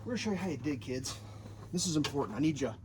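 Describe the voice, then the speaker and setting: Speaking rapid-fire with lively intonation, a man whose voice sits on the high side talks over background noise. He builds homes and is filming a casual how-to vlog outdoors on a building site, digging, scraping, joking bluntly and swearing freely. He records on a handheld camera, sometimes one-handed on his own.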